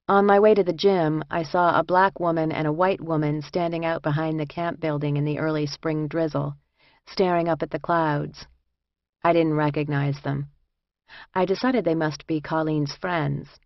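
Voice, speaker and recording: Woman narrator, low voice, measured first-person audiobook read; dry, dull studio sound. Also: steady tone, no room sound.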